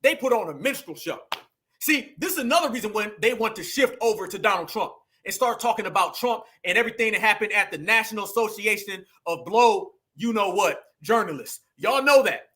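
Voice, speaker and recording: A man in talks straight to his audience like a preacher, calling them family. His voice sits high and rings bright. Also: lively intonation, brisk. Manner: preachy, addresses viewers as family and y'all. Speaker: political commentary host. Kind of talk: casual political commentary.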